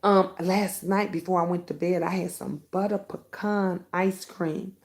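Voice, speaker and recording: A middle-aged woman hosting a casual live stream, chatting with viewers by name and breaking into high, excited bursts. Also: measured pace. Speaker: livestream host.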